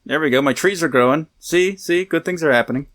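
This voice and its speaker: A man's voice: a little high, brisk, a bit bright. A man hosting a game livestream, chatting casually and rambling with frequent laughs and trailing asides. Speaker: livestream host playing a game. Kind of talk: casual chat while gaming.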